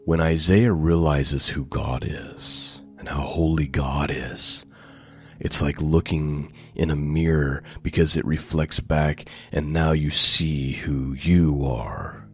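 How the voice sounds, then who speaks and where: Male preacher, very low voice, slow delivery, emphatic repetition, faint music underneath. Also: steady tone. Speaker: pastor. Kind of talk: sermon with scripture reading.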